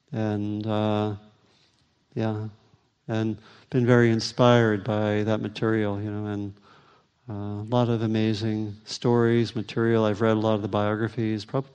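A man's voice: on the low side, darkish tone, smooth. Guy doing a dharma talk q&a, thoughtful, lots of ums, big echoey hall. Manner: thoughtful, halting, many fillers. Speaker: Buddhist teacher. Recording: reverberant hall.

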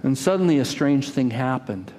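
A man preaching a sermon, telling a story dramatically, rising to loud cries and dropping to a hush. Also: medium pitch, animated, moderate pace, a little hiss or hum. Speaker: pastor.

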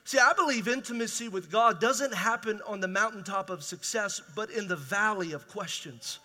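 A man's voice: high-pitched, moderate pace, bright, forceful tone. A man preaching a conversational, emphatic sermon as pastor in a large church hall.

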